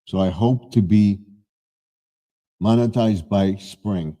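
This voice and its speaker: A man's voice: fairly low pitch, slow pace, warm tone. A man in his seventies hosting a live stream, chatting casually in a rambling way and often correcting himself.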